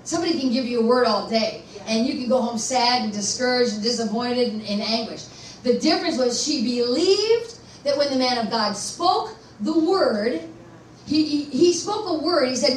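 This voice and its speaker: A woman pastor preaching a sermon at a conference, animated and asking her listeners questions. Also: a little high, moderate pace, a little hiss or hum. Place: church conference hall. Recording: echoey room, voice from far off.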